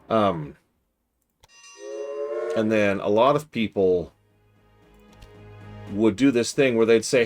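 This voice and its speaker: A man streaming a strategy game, chatting casually and animatedly, with mock-exasperated outbursts and quiet mutters to himself while he plays. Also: lowish voice, slow, long pauses, over music.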